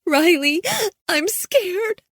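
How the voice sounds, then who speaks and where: A woman voicing a frightened teenage girl, high and pleading, on the verge of tears. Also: normal speed, no echo, clean studio sound, close to an everyday voice. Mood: terrified.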